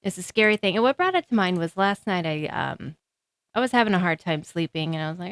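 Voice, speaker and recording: A woman talks through her own solo podcast in a loose, rambling way, with plenty of ums and little laughs. Her voice sits a bit low for a woman. The sound is close and dry, with no room around it. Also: expressive, fairly quick, no echo. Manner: rambling, giggly, frequent ums. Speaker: podcast host. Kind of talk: casual solo podcast talk.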